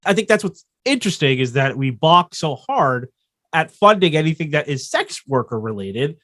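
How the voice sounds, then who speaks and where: A podcast co-host with a fairly high, slightly bright voice talks at a moderate pace and is very animated. In casual chat he rambles and restarts his thoughts while working through a point, recorded dry with clean studio sound.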